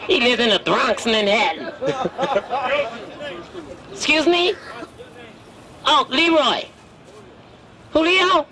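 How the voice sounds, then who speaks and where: A man's voice: extremely high pitch, sing-song, slow, pauses often, full character voice. A man voicing a brash wooden dummy. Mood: teasing. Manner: brash, flirty, wisecracking. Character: cheeky wooden male dummy, streetwise flirt. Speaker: ventriloquist's dummy. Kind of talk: street comedy teasing passersby. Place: busy city street outdoors. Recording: street crowd noise behind.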